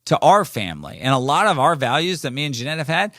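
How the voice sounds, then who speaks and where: A man's voice: fairly high pitch, very animated, fast talker, pushed and bright, dry recording, clean studio sound. Rambling, playful man in his forties. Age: 40s. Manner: rambling and playful, with frequent fillers and self-corrections. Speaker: podcast host. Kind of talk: casual solo podcast monologue.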